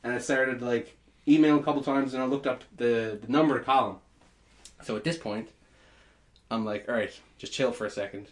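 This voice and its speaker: A man telling a story in casual podcast chat, animated, laughing and swearing as he goes. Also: medium pitch, brisk. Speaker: podcast host.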